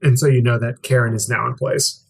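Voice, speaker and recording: A young game master narrates a tabletop adventure in a halting, filler-laden way. The voice sits at a middle pitch, easy and unforced. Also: fairly even intonation, gravelly, slightly rough. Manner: hesitant, filler-heavy narration.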